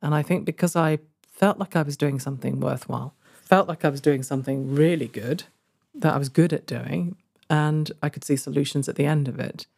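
A middle-aged woman telling a personal story in an interview, earnest and warm, laughing often and growing emotional. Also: deep voice, brisk, creaky, breathy edge. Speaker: guest, former social care worker. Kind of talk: conversational storytelling.

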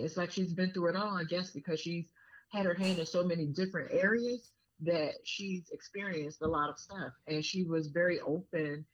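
A woman guest on a podcast, casually telling a story with lots of fillers and restarts. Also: lowish voice. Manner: chatty, many fillers and restarts. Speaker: podcast guest, business owner. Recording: muffled lo-fi sound.

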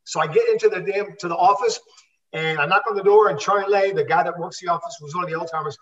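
A man's voice: high-pitched, quick pace, fairly bright tone, reverberant. An older man, a former wrestler, telling rambling stories as an interview guest, with lots of restarts. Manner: rambling anecdotes with many restarts. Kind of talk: storytelling in a live interview. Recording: distant dull lo-fi sound.

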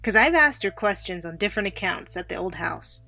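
A chatty woman podcast host recounts a spooky tale at an average pitch, switching voices when she quotes people. Soft music plays faintly underneath. Her delivery is casual and conversational. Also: brisk, gravelly. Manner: chatty, animated when quoting others. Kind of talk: casual storytelling chat.

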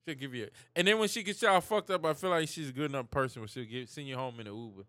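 A man's voice: medium pitch, quick pace, pushed and bright, no echo, clean studio sound. A man co-hosting a podcast, chatting casually in loose, profane banter and laughing often. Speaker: podcast co-host. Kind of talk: casual chat.

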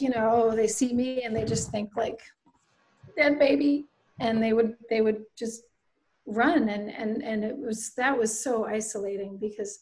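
A woman's voice: on the high side, a little mellow, poor audio. A woman in her thirties from the Canadian Maritimes, a guest and author telling her own story in an interview, earnest and reflective, acting out quoted voices. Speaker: guest, bereaved mother and author.

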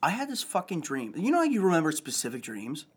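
Animated young man telling stories. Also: fairly high pitch, quick pace, slightly rough. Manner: animated storyteller, swears a lot. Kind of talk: casual chat.

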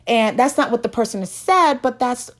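A woman with a slightly high voice tells a personal faith testimony to her viewers. She talks in an earnest, emotional way, restarting her sentences and sounding close to tears. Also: expressive, normal speed.

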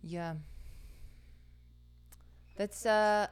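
A woman's voice: mid-range voice, steady tone, drawn-out words, clean tone. A woman co-hosting a casual podcast, teasing her partner and asking him questions. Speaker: podcast co-host. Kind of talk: casual chat.

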